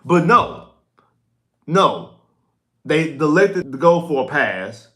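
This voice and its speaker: Man, sports livestream host, excitable, repetitive, stumbling, postgame chat. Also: a little high, slow. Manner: excitable, repeats himself, stumbles over words. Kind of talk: casual postgame sports talk.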